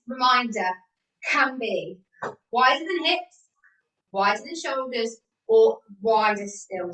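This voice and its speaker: A woman fitness instructor leads an exercise class over a video call, counting out moves and encouraging participants. Her voice is on the high side, bright and forceful. She's away from the mic in an echoey room.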